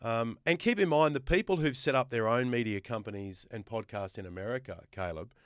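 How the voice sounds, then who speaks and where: A man's voice: medium pitch, brisk, fairly bright tone, clear, resonant tone, dry recording, clean studio sound. An Australian man guest hosting a podcast chat, making emphatic points and building them up with lists. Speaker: guest host.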